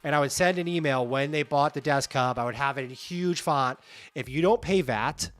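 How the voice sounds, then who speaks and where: A man hosts his own livestream in a relaxed, candid way, talking straight to viewers and reading their comments aloud. His voice sits in an ordinary middle pitch. Soft music runs faintly in the background. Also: moderate pace. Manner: candid, animated, reads chat comments aloud. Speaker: livestream host. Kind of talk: casual livestream chat.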